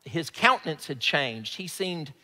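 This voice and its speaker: Brief: male pastor, fairly high bright voice, earnest sermon delivery, long hall reverb. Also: very animated, measured pace. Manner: earnest, questioning, drops to a hush at phrase ends.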